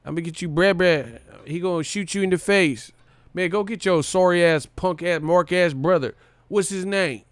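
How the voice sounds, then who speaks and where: A brash young tough boasts and threatens in a raised, quick voice, as a man puts him on. His delivery is cocky and pushy. The sound is dry and close to the mic. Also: high-pitched, no room sound, voice pushed up, natural voice. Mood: boastful. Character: cocky young street tough bragging about his big brother.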